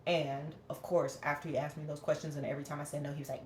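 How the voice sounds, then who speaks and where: A woman venting to camera in a candid, rambling personal rant, often dropping low and flat to mimic what others said. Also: fairly quick, roomy sound, a little hiss or hum. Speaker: vlogger.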